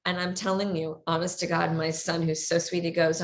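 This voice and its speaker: A middle-aged woman chatting as a guest in an interview, energetic, laughing often and repeating words as she talks. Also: on the low side, a little fast. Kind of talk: casual interview chat.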